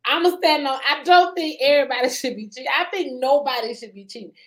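Blunt, profane woman co-host, higher voice. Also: fast. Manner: blunt, profane, laughs often, swings between low mutters and loud outbursts. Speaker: podcast co-host. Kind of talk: casual chat.

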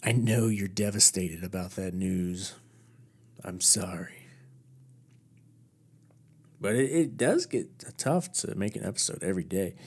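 A man's voice: low voice, lively intonation, moderate pace, hardly any pauses, a little mellow, breathy edge. A man hosting his own podcast alone, chatting casually in a rambling, self-deprecating way. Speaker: podcast host. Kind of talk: casual solo podcast chat.

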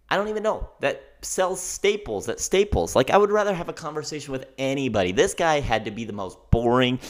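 A man's voice: mid-range voice, fairly bright tone. A man hosting a solo podcast, ranting emphatically and often asking "okay?". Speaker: podcast host.

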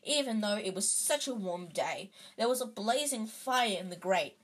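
A woman's voice: mid-range voice, animated, moderate pace, slightly rough. A woman reading a children's novel aloud in a casual way, with small slips and fillers. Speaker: narrator.

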